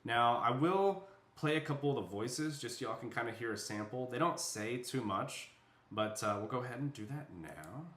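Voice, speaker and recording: A man giving a casual screen-share walkthrough of software, talking loosely with lots of fillers as he thinks aloud. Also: medium pitch, lively intonation, normal speed. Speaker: software demo presenter. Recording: echoey room.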